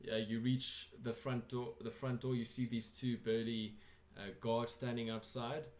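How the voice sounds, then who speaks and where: A man's voice: mid-range voice, flat delivery, unhurried, roomy sound. A man narrating a tabletop game as game master, in a casual, rambling way with many fillers.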